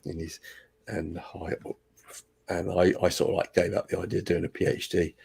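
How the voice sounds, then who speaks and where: Gravelly low-voiced older Englishman. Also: little pitch movement, darkish tone. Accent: Southern English. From England. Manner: halting, hesitant delivery. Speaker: guest. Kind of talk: casual interview answers.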